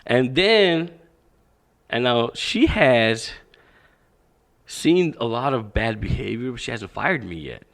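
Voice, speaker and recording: A man guest on a podcast, a fitness and boxing coach, telling a story in casual, animated talk with plenty of swearing and acted-out dialogue. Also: mid-range voice, takes it slowly, vocal fry, long pauses.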